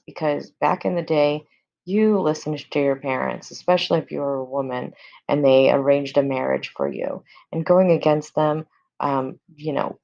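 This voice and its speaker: A woman's voice: low-pitched, vocal fry, darkish tone, lo-fi sound. A woman teacher explaining a play in casual everyday words, with many fillers.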